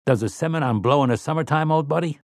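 A man's voice: a little high, quick pace, dry recording, studio quality, pitched above the performer's own voice, lightly acted. A man voicing a sly, easygoing man who talks in a breezy, conspiratorial, folksy way.

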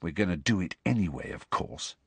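Casting: man reading a low-key teenage leader, husky voice, dry close sound. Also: sing-song, moderate pace, no room sound. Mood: quiet. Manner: quiet, level. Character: steady teenage schoolboy, quiet leader. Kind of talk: audiobook character voice.

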